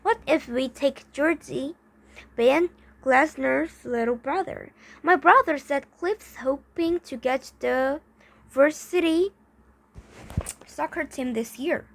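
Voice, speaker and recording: A woman's voice: sits high, slow pace, creaky, heavily acted. A woman reading aloud, voicing an eager, scheming schoolboy skater in a storybook with an upbeat, persuasive manner.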